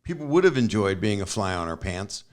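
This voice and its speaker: An older man hosting a podcast in an easy, joking manner, his voice sitting fairly low. He riffs and drifts, often letting sentences sink into quiet asides. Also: big pitch swings, a little fast. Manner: joking, riffing, trails off to low mumbles. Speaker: podcast host. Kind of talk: casual interview chat.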